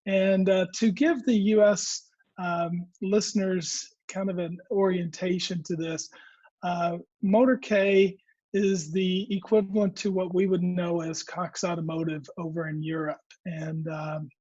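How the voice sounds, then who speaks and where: A man's voice: high-pitched, level tone, a little slow, a little mellow, no room sound. A man hosting an interview, introducing his guest and asking questions with many hesitant fillers. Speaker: interview host. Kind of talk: remote interview. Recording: dull, dry, lo-fi sound.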